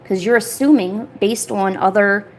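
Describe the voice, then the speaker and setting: A woman's voice: mid-range voice, measured pace. A woman chats casually as she works on a paper art piece, rambling from one thought to the next. She leans on "you know" and "like" constantly. There is a faint ambient hum behind her. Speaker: art streamer. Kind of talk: casual chat while making paper art.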